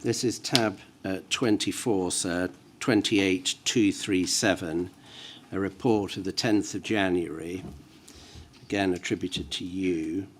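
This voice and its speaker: Low-voiced man questioning a witness. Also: steady tone, a little hiss or hum. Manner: measured, reads out references, hesitant fillers. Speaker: inquiry counsel. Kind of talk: formal questioning. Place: inquiry hearing room.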